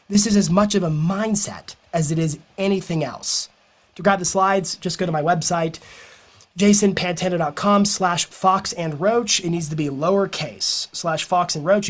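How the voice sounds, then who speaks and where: A man who is a business coach, giving an energetic, persuasive motivational talk to a live audience and telling stories along the way. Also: on the high side.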